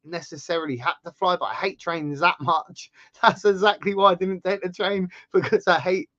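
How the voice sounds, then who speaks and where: A fairly high-voiced English man hosting a casual chat, telling stories with big swings in pitch and loudness. His throat is sore, and the sound is dry and slightly muffled, with little room reflection. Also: normal speed, no echo. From England. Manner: chatty storyteller, animated swings in pitch and loudness. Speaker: channel host.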